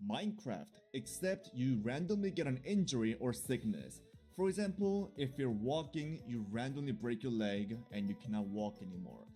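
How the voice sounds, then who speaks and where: A man giving jokey gameplay commentary for his video, excitable and laughing often. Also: medium pitch, moderate pace, few pauses, music in the background. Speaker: gaming video creator.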